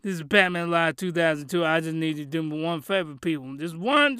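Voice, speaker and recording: A man hosting his own anime review show from a small closet studio, talking in an excitable, slangy way and repeating phrases for emphasis. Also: on the high side, fairly quick, slight background noise. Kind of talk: casual review rant.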